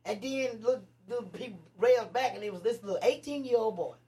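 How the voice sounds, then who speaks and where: Woman, gravelly voice, emphatic storyteller, a bit far from the mic. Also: fairly high pitch, fast. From Tennessee. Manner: lively, emphatic, frequent laughter and rising exclamations. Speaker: guest, nonprofit activist. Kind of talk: animated storytelling in casual chat.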